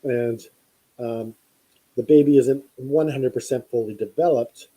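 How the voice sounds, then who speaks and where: A man's voice: medium pitch, steady tone, measured pace, dark tone, breathy edge, low-quality recording. A man hosting a podcast, telling a long story in a casual, rambling way with many fillers and restarts. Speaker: podcast host.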